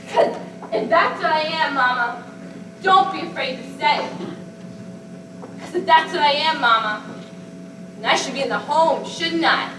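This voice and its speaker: A woman on a school stage playing a fragile, childlike grown daughter who pleads emotionally with a voice that keeps breaking, taken from a distant, echoey stage recording with clear hiss. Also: high-pitched, moderate pace, pauses often, close to an everyday voice. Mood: desperate. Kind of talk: amateur stage acting.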